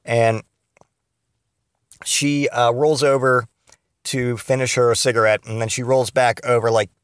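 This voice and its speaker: A man's voice: mid-range voice, little pitch movement, unhurried, clean tone, no room sound, studio quality. Profane, rambling man telling a story. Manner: rambling, profane, lots of fillers. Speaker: podcast host. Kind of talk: casual comedic storytelling.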